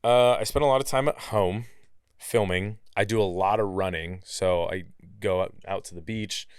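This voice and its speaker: Male podcast guest from the Midwest, low smooth voice, chatty and animated, dry close mic. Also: normal speed, no room sound. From Kansas City, United States. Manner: animated, chatty, heavy use of "like". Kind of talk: casual storytelling interview.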